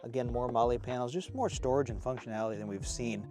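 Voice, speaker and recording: A man's voice: medium pitch, quick pace, music in the background. A man in his thirties giving an enthusiastic, casual walkaround review of a new truck outdoors, a bit out of breath. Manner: enthusiastic, excitable. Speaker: off-road vehicle reviewer.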